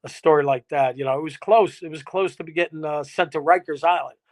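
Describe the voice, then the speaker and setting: New guy, guest musician, loose and salty, laughs through his story; voice sits a bit high. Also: fast. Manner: rambling, chuckling, salty anecdote-teller. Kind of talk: casual interview storytelling. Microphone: remote live-stream guest.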